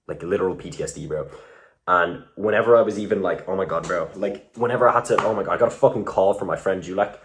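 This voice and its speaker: Brief: young male vlogger, low-pitched, loose, sweary, self-deprecating ramble over faint noise. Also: fast. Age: young adult. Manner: rambling, profane, self-mocking. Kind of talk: casual vlog.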